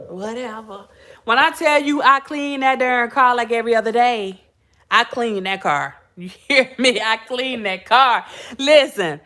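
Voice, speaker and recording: A woman's voice: on the high side, sharp tone. A middle-aged woman, telling casual stories to her listeners and laughing often as she talks. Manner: chatty, laughing, addresses listeners as y'all. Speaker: podcast host. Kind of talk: casual storytelling to viewers.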